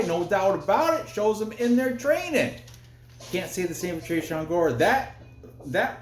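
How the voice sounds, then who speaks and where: A man hosting a casual MMA picks show, talking in a rambling, animated way with lots of restarts and asides. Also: high voice, reverberant.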